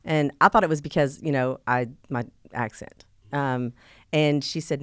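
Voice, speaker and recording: A woman on a podcast as a real estate agent guest, chatty and animated, with many fillers and restarts. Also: very deep voice, moderate pace, dry recording, clean studio sound. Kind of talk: casual podcast chat.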